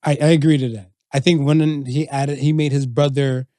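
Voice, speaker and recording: A man's voice: fairly high pitch, flat delivery, normal speed, warm tone, no echo, studio quality. A man co-hosting a casual podcast, talking through relationships and current events in a loose, conversational way. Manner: conversational, drops into playful acted quotes. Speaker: podcast co-host. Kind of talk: casual chat.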